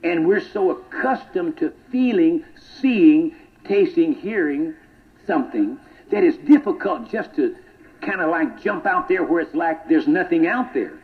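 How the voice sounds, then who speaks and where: A man with a fairly high voice preaches a sermon, repeating phrases in a steady rhythm. He drops to hushed whispers, then builds to loud, emphatic lines. The sound is tinny and thin, as if heard over a phone line. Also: a little slow.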